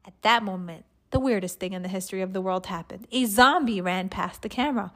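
A woman reading a children's chapter book aloud, lively, with small slips she corrects. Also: medium pitch, a little fast, few pauses.

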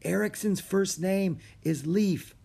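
A man's voice: sits high, vocal fry, mellow, breathy edge, voice pushed up, exaggerated voice. A man voicing a nervous, bookish young boy in a storybook reading. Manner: anxious, hurried.

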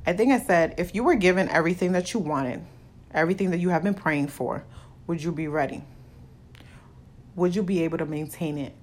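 Woman podcaster, young adult, candid and confessional, swears casually, slightly low voice. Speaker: podcast host.

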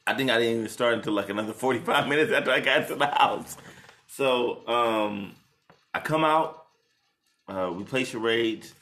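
A young man casually retelling a story with his partner, animated and laughing, jumping into high voices when quoting people. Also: moderate pace. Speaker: co-host telling the proposal story. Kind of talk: casual couple chat.

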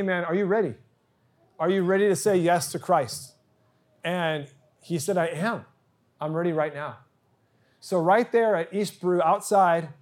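A middle-aged man pastor telling a personal story in a sermon, earnest and acting out the quoted dialogue. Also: fairly high pitch.

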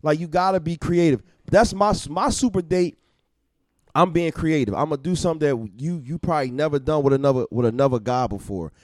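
A man talking as a podcast guest in casual chat, blunt, profane and animated as he tells stories. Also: on the high side, a little fast, no room sound, clean studio sound.

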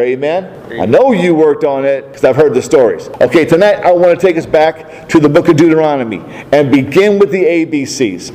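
A fairly high-pitched man preaching a sermon, his voice mellow and warm. He presses his points hard with rhetorical questions to the congregation. Long reverb trails every phrase from the large hall. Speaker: pastor.

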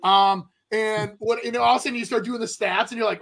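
High-voiced animated man. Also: fast talker. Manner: animated, rambling with restarts. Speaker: real estate agent and show host. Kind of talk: casual podcast storytelling.

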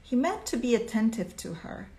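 Expressive woman reading a story aloud. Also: on the high side, moderate pace. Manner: expressive, asks listeners questions. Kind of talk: storytelling lesson.

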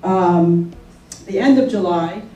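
A woman's voice: fairly low pitch, slow pace, warm tone, lo-fi sound. A woman telling a personal story to an audience in a conversational way, often checking in with her listeners. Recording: echoey room from far off, faint noise.

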